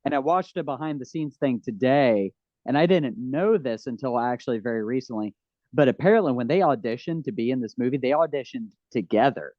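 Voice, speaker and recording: A man co-hosting a casual podcast review, talking in an animated, gushing way and acting out scenes in quick voices. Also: medium pitch, no room sound. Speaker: podcast co-host. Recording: dull lo-fi podcast mic.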